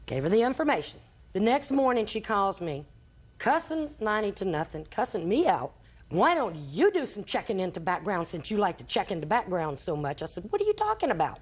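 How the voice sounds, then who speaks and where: A woman's voice: mid-range voice, sing-song, a little fast, husky. Older grandmother rambling through testimony. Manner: rambling storytelling, acting out quoted dialogue. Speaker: litigant, grandmother. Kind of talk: courtroom testimony. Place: TV courtroom.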